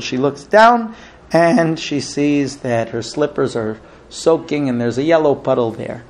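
A man telling a story in a lively way, acting out scenes and sound effects. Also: mid-range voice, unhurried, a little hiss or hum. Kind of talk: animated storytelling.

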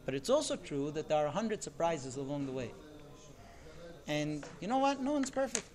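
A man's voice: a little high, big pitch swings, normal speed, a crowd in the background. A man, a rabbi, gives a sermon on marriage, talking emphatically with rhetorical questions.

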